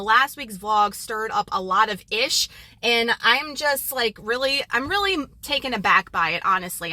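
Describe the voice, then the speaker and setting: Chatty woman vlogger, slightly high voice. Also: bright, forceful tone. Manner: chatty and upbeat, peppered with "like" and "y'all". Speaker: fitness and keto vlogger. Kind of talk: casual vlog talking to camera.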